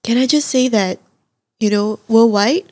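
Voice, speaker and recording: A young woman guest on a podcast, telling her story in a candid, reflective, soft-spoken way. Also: on the high side, measured pace. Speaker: guest, advocate. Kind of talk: interview storytelling.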